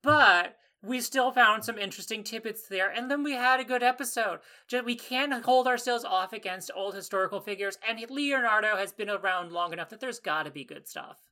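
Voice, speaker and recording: Bright-voiced man co-hosting a podcast. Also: high voice. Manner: quick, playful, eager. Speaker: podcast co-host. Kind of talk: casual chat.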